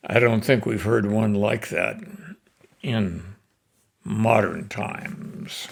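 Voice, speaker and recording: A man's voice: lowish voice, a little hiss or hum. A man teaching Shakespeare, narrating the scene and declaiming the speech with rising force. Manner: slow, gravelly, declamatory. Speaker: teacher reading Shakespeare aloud. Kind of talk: dramatic reading with commentary.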